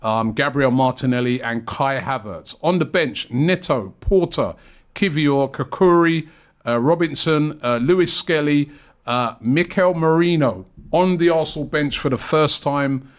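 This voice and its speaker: A man's voice: fairly high pitch, measured pace. A man hosting a casual football chat show, chatty and rambling with lots of fillers. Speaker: show host.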